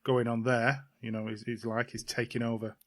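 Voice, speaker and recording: Brief: male podcast co-host, mid-pitched, chatty and easygoing, dry close recording. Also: level tone, fairly bright tone, no room sound. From England. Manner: chatty, laughs often, quick asides. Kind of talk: casual podcast chat.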